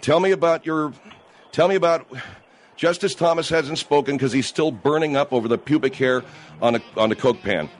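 A male radio talk show host handling a comedic call-in, exasperated and argumentative. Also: a little high. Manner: exasperated, argumentative, quick to snap.

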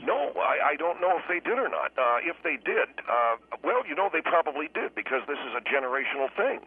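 A man voicing a self-righteous male author who calls in as a radio guest, halting and stammering as he argues. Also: fairly high pitch, big pitch swings, husky. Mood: lecturing. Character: touchy pompous male author guest, middle-aged. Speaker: phone-in guest. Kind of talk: talk radio character bit. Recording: tinny phone line.

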